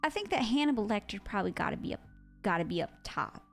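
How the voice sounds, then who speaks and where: A young woman streaming live and chatting casually, excitable and quick to swear. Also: mid-range voice, gravelly. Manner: excitable, swears freely, loud outbursts. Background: faint music.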